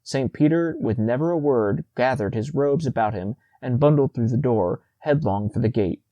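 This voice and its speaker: A man narrating a classic short story as an audiobook, in a measured storytelling manner. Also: medium pitch, no echo, lo-fi sound.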